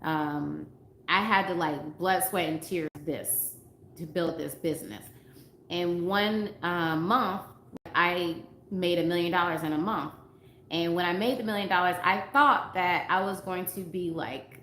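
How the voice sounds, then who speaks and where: A woman's voice: fairly low pitch, unhurried, a bit bright. Earnest woman dating coach, roomy sound. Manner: earnest, emphatic, repeats herself, reads viewer comments aloud. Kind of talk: casual livestream talk to viewers. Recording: roomy with faint background noise.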